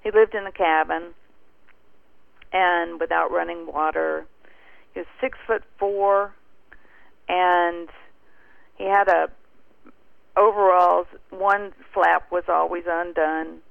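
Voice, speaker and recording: A woman telling a story as a guest in an animated, casual way over a phone line. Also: lowish voice, slow pace, creaky, pauses often, dry recording.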